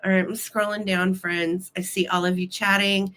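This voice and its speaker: A bubbly woman hosts a live sale, greeting her viewers one by one with silly nicknames. Her voice is bright and forward, though she is nursing a cold. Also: mid-range voice, flat delivery, moderate pace. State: has a cold. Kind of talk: casual live-stream chat.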